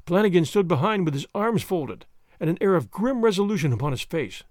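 A man reading a story aloud as narrator, expressive and dramatic. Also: high-pitched, a little fast, dry recording, studio quality. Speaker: audiobook reader.

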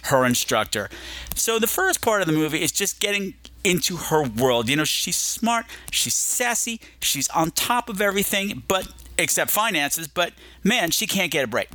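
Playful, lively male film reviewer. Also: high voice, moderate pace. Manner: playful and digressive, slipping into silly voices. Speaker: film podcast host. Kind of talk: casual film review chat.

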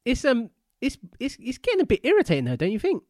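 A man's voice: very high-pitched, wildly swooping pitch, fast talker, a little mellow, no room sound, clean studio sound. A man co-hosting a podcast from home, chatting casually in an easygoing, rambling way over a video call with a proper microphone. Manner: easygoing, rambling, with frequent fillers. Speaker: podcast co-host. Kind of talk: casual chat.

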